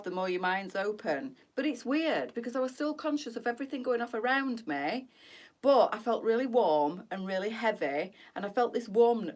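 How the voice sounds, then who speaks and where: A bubbly, chatty middle-aged woman hosts a casual live stream. She talks with easy warmth and breaks into laughter often. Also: a little high. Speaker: boutique live-stream host.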